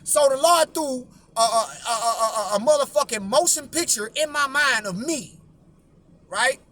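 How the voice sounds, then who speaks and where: Bright, high-voiced profane man storytelling. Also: measured pace. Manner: blunt, profane, repeats himself. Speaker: YouTube host.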